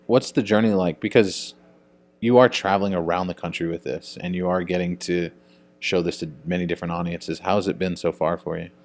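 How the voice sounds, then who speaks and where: Interviewer guy, deep-ish voice, upbeat questions. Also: fairly even intonation, fairly quick.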